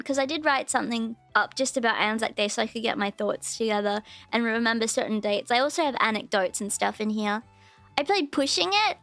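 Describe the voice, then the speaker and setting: High-voiced chatty Australian woman streamer. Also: a bit bright, no room sound. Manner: chatty and rambling, lots of restarts. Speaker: VTuber streamer. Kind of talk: casual livestream chat.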